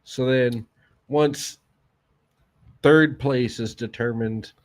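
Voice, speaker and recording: A man's voice: mid-range voice, fairly even intonation, extremely slow. A man co-hosting a casual podcast with friends, talkative and ready to argue his point. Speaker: podcast co-host. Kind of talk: casual chat.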